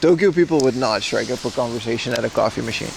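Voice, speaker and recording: A man's voice: medium pitch, quick pace, vocal fry, slight background noise, poor audio. A man from the Netherlands hosting a casual outdoor livestream, rambling and laughing as he walks through a rainy mountain town. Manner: chatty, rambling, laughs often. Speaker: livestream host. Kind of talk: casual IRL livestream chat.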